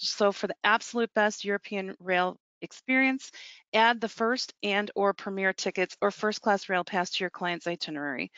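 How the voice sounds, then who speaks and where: A North American woman presenting for a travel company in a webinar, speaking in a brisk, salesy way with small slips. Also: mid-range voice, fairly bright tone, no room sound. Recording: dull lo-fi webinar audio.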